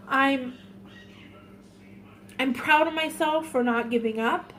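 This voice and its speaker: A woman vlogger speaking in an emotional, halting way, tearful and often repeating herself in a confessional vlog. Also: high voice, a bit bright, a little hiss or hum.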